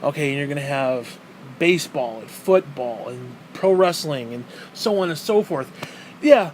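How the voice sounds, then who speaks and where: A man's voice: fairly high pitch, expressive, normal speed, a little hiss or hum. Profane, exasperated man ranting solo. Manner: profane, exasperated ranting with mocking rhetorical questions. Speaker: podcast host. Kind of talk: solo ranting podcast monologue.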